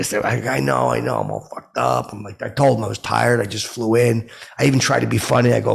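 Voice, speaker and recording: A man's voice: lowish voice, fairly even intonation, fast, gravelly, slightly rough. A man telling a comic story in a stammering, rambling way, like a podcast host. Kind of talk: comedic rambling monologue.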